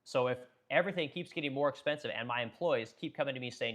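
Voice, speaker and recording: A middle-aged business owner hosts a livestream and launches into a heated political rant, swearing freely. His medium-pitched, slightly bright voice moves quickly, and as he gets fired up he keeps circling back to the same points and stumbling over his words.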